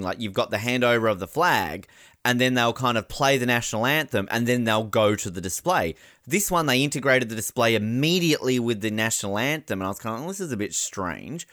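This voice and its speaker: Bright, animated man. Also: mid-range voice, no room sound, studio quality. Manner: animated, laughing, acts out voices. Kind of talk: casual chat.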